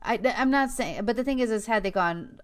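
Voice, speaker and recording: Animated woman podcast co-host. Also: a little high, fairly quick. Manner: animated, talks over others, acts out quotes. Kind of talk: casual chat.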